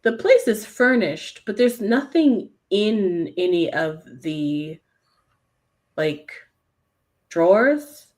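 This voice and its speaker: A woman runs a tabletop game as game master, narrating slowly and evenly. Her voice sits at a middle pitch and she lets light amusement show. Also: animated, a little mellow. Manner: slow, measured, with light laughs.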